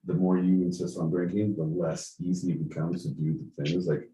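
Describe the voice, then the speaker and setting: A tipsy man co-hosting a podcast, joking loudly and swearing in casual banter. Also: sits low, level tone, a little fast. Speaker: podcast co-host. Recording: roomy echo, faint noise.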